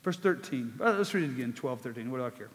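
A man's voice: medium pitch, lively intonation, fast talker. A man preaching a sermon in a conversational way, asking rhetorical questions and repeating words for emphasis. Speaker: pastor. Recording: long hall reverb.

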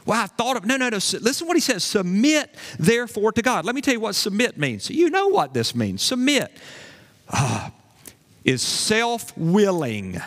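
A man's voice: high voice, sing-song, normal speed, a bit bright. A male pastor preaching a sermon, emphatic, repeating key phrases and asking his congregation questions. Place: church sanctuary. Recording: long hall reverb.

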